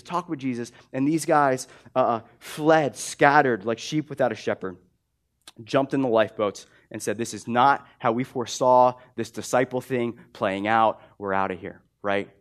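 Man preaching in a casual, emphatic way. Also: medium pitch. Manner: conversational, emphatic repetition, many restarts. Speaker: pastor. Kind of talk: sermon.

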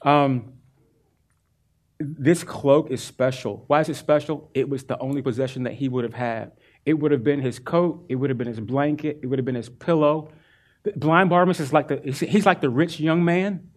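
A male pastor preaching a sermon, earnest and animated as he retells a Bible story. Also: medium pitch, moderate pace.

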